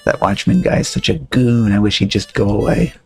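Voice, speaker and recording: A man voicing a spunky young girl heroine in a game, with quick excited lines. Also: on the low side, gravelly, breathy edge, soft background music, exaggerated voice. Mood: plucky.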